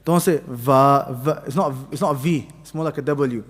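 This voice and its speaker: A man teaches a mosque class, patiently sounding out letters and waiting for students to repeat. His voice sits slightly high, and each word trails off in the long echo of the mosque hall around him. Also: fast talker, a little mellow, slightly rough. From Pakistani heritage. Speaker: tajweed teacher.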